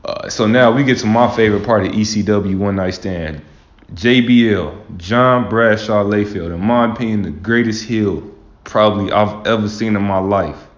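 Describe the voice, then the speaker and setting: A man's voice: fairly low pitch, normal speed. A man hosting his own casual commentary as a wrestling fan, talking loosely and rambling with lots of "man" and "like". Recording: roomy, dull lo-fi sound.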